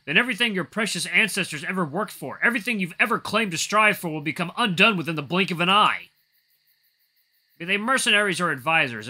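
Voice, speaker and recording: A man's voice: high voice, sharp tone, pitched above the performer's own voice, full character voice. A man doing a blunt, weary wolf chief. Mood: stern. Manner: blunt, lecturing.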